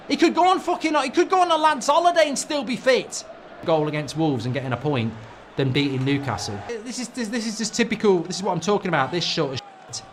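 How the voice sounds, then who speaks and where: A man's voice: high-pitched, a bit bright, a little hiss or hum. A middle-aged man hosting a football fan channel, ranting and swearing through live match reaction commentary.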